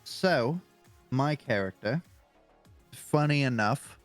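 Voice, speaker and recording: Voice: mid-range voice, lively intonation, slow pace, dry recording, soft background music. A podcast co-host reading a comic-book character profile aloud, casual and swearing, stumbling over hard names.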